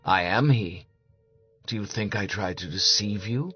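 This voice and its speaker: A man voicing an ancient, weary immortal who speaks slowly and solemnly. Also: lowish voice, lightly acted. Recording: dull lo-fi audio with music behind.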